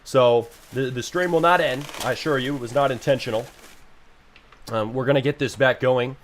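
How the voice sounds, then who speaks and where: A man's voice: mid-range voice, normal speed, a little hiss or hum. A young man live-streaming, ranting about his internet in a frustrated, casual way and swearing freely.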